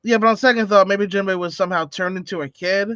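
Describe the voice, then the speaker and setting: A man with a voice high for his sex chats through a comic read-along, mixing reading with jokey asides. The sound is dull and lo-fi, dry and close to the mic. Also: steady tone, quick pace, fairly bright tone, clean tone, no room sound. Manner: chatty, reads lines aloud with joking asides. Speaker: co-host. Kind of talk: casual live-stream comic read-along.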